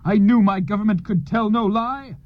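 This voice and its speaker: A man's voice: high voice, normal speed, dry recording, close to an everyday voice. Man doing a bombastic patriotic astronaut. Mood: indignant. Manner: bombastic and indignant. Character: blustering, patriotic male astronaut. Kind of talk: radio comedy acting. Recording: dull lo-fi radio recording with faint ambience.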